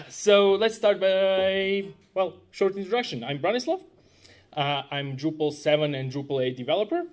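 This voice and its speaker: A man's voice: sits high, expressive, moderate pace. A man presenting a technical conference talk, conversational and self-deprecating, often asking the audience questions. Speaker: conference speaker, web developer.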